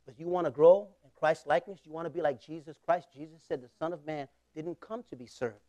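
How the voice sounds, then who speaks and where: A pastor in his forties with a fairly high voice preaches in a loose, joking way. He laughs easily as he tells his story, jumps to loud bursts, then drops to quiet asides. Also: quick pace, no echo. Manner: conversational and humorous, often laughing. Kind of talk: storytelling sermon.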